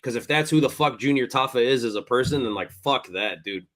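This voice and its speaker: A man's voice: mid-range voice, brisk, fairly bright tone. Blunt, profane man recapping fights. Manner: blunt, profane, recounting at length. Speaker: podcast host. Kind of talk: casual fight recap chat.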